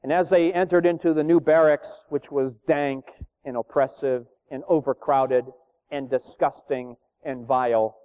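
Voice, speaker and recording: A man preaching a sermon in an earnest, reverent, measured way, pausing often with "uh". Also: mid-range voice, steady tone, clear, resonant tone. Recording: tinny phone-like sound in a reverberant hall.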